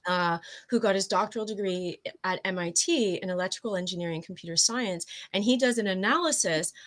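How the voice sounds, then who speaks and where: Woman coach, mid-pitch, chatty guest who explains at length, stumbles over her words and laughs it off. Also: brisk, fairly bright tone. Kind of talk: casual interview conversation.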